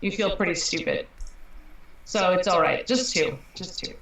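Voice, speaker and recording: A player speaking in character in a tabletop game, with wry, deadpan complaints. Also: mid-range voice, moderate pace, recorded from a distance. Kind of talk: in-character improvised role-play. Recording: roomy sound from off-mic.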